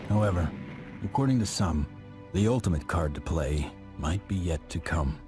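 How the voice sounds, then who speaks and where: A man giving a grave, measured scripted narration for a documentary. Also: deep voice, animated. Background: music.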